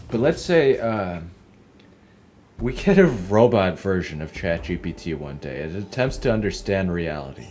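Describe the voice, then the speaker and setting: A man's voice: fairly low pitch, expressive, normal speed, a little mellow, soft background music. A young man giving casual gameplay commentary as a streamer, rambling and swearing, and laughing often at his own tangents. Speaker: gaming streamer.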